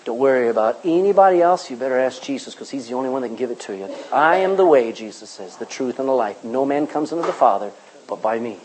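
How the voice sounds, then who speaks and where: A man preaching a sermon in church, with loud rises and quiet drops. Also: medium pitch, expressive, fast, slight background noise, poor audio. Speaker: pastor.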